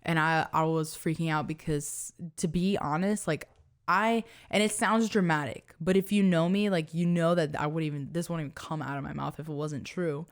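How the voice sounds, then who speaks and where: Low-voiced woman telling a story casually. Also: fairly even intonation, normal speed. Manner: earnest, many fillers, soft low-voiced reliving of fear. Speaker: podcast co-host.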